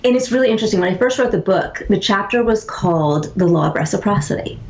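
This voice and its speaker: A woman talks as an interview guest, recounting stories with animated energy and briefly acting out the voices of people she quotes. Her voice has a gravelly edge. The sound is roomy and a little dull. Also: medium pitch, quick pace. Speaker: author and guest. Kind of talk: conversational interview storytelling.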